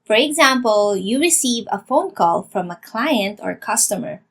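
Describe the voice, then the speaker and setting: Woman language teacher, clear patient delivery, mid pitch, dry close sound. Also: expressive, a little slow, a bit bright, no echo. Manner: clear, patient explanation, switching into example sentences. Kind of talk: explaining grammar with examples.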